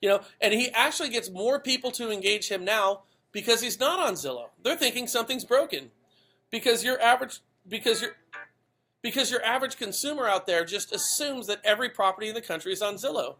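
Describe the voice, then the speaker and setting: A podcast host with a high-pitched, bright, forceful voice delivers blunt, emphatic commentary at a brisk, expressive clip. He swears freely and keeps checking in with his listener.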